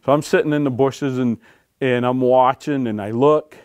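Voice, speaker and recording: A man, an author and former game warden, telling stories to a library audience in a folksy, animated way, acting out quotes and laughing along. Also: mid-range voice, moderate pace, clear, resonant tone, no room sound. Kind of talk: storytelling talk to an audience. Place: library talk room.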